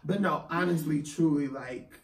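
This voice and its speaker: Gravelly man speaking heartfelt in an echoey room. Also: a little high, normal speed. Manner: heartfelt, emotional. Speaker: podcast co-host. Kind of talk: casual chat. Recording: echoey room, mic at a distance, faint ambient noise.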